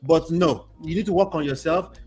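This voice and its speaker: A man with a Nigerian accent hosts a casual chat, his voice sitting a little higher than most men's. He talks in an animated, joking way and hammers his points home by repeating himself, with faint music under the talk. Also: moderate pace. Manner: animated, joking, emphatic repetition. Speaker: podcast host.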